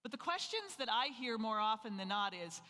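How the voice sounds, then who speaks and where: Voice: medium pitch, very animated, moderate pace, bright, forceful tone, in a large hall. A financial planning presenter from North Dakota giving a live seminar and firing rhetorical questions at the audience. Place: event hall with a live audience.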